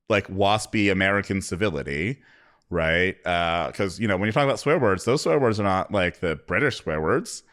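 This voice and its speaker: Male podcast host, lowish voice, blunt and wry, opinionated. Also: fairly bright tone. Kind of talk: casual podcast discussion.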